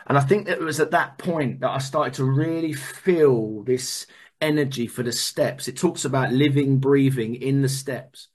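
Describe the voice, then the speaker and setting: A man telling a personal recovery story in a candid, animated way, repeating words and swearing now and then. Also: medium pitch, normal speed, husky. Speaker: speaker sharing a recovery story.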